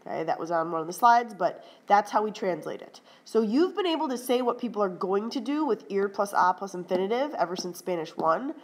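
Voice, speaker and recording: Brisk woman teaching a grammar lesson. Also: mid-range voice, animated, low-quality recording. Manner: brisk, firm, repeats "right?" and "okay?". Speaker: Spanish teacher. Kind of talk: classroom lecture over slides.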